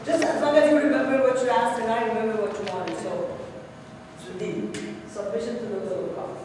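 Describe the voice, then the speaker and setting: A woman presenting a workshop to an audience, lively and conversational, with frequent chuckles, recorded from a distance in a large echoey hall. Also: on the high side, fairly quick, background noise. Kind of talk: lecture with storytelling.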